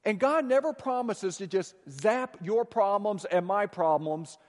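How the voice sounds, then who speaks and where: A man preaching a sermon in a church, moving from loud proclamation to soft, hushed asides. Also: sits high, lively intonation, measured pace. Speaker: pastor. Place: church sanctuary. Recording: long reverb of a large hall.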